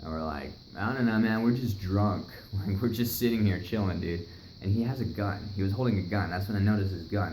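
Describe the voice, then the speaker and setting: A man's voice: fairly low pitch, fast. A young man casually telling a wild story, swearing a lot and acting out what people said. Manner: profane, animated, acts out other people's lines. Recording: echoey room, faint noise.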